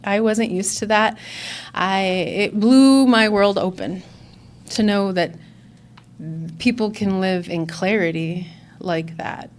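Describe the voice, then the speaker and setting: A woman's voice: mid-range voice, moderate pace, slight background noise. A woman from the Chicago area, giving a candid personal testimony as a conference speaker and acting out remembered conversations. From Chicago area, USA. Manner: earnest and candid, acts out quoted dialogue. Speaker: conference speaker sharing her recovery story.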